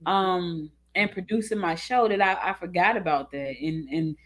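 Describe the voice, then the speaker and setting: Laughing often, a female talk show host tells lively stories in casual conversation. Her voice is on the low side and her speed is normal.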